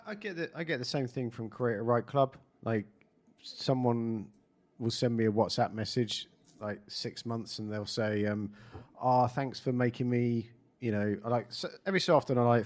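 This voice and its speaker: A man's voice: fairly low pitch, normal speed. A man hosting a casual interview who rambles and often stops himself mid-thought. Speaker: podcast host.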